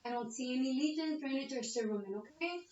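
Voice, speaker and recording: A nursing student talks a patient through a physical exam as a narrated demonstration, explaining each step and checking in with "okay?" again and again. Her voice is high, quick, and darkish in tone, with soft music behind her. The laptop webcam audio is roomy, distant, and muffled.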